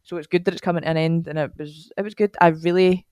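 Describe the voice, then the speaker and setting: A woman's voice: fairly low pitch, steady tone, fast, a little mellow, clear, resonant tone, no room sound, studio quality. A Scottish woman chatting enthusiastically on a podcast, often trailing off mid-sentence. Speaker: podcast co-host, guest sister. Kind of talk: casual chat.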